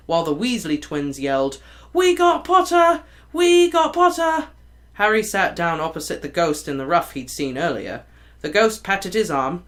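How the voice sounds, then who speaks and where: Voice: mid-range voice, a bit bright. Casual chapter reader who stumbles and self-corrects. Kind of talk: reading a novel chapter aloud.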